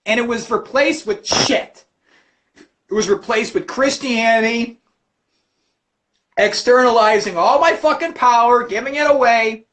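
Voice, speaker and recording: A man hosting a livestream, ranting about religion with constant cursing and animated storytelling. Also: very high voice, a little slow, pauses often. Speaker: livestream host. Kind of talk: profane religious rant.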